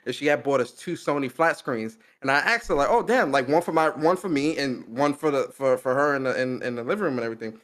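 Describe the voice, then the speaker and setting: A man's voice: medium pitch, fast talker, hardly any pauses, fairly bright tone. A young man co-hosting a podcast, telling a personal story in casual slangy chat, laughing often. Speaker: podcast co-host.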